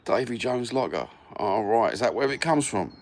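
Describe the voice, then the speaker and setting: A man's voice: mid-range voice, expressive, moderate pace, slight background noise. A man with a London accent chatting casually with live viewers on his phone, blunt and sweary, full of banter. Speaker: livestream host.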